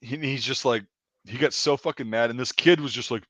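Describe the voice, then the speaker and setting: A man's voice: medium pitch, fairly quick. A man, an army veteran, telling war stories in a casual, profane chat. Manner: profane, animated anecdote telling. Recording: dry, slightly dull sound.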